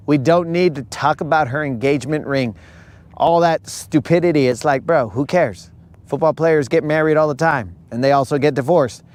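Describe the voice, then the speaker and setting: A young male livestream host rants about football in a joking, casual tone and keeps saying bro. His voice sits a bit high, and he talks at an unhurried, drawn-out pace. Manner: ranting, joking, says bro a lot. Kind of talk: casual live-stream rant.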